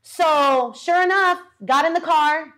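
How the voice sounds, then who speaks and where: A woman's voice: high-pitched, slow pace. A woman co-hosting a podcast, telling a story in casual chat and acting out the voices of the people in it. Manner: animated, acts out quoted voices. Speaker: podcast co-host. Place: studio with audience.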